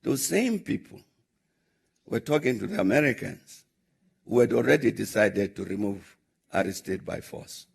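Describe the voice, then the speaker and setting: A gravelly, husky older South African man, a former head of state, tells an anecdote in a Q&A. His voice is lowish and animated, yet he recounts dialogue in a measured way, pausing frequently with "uh".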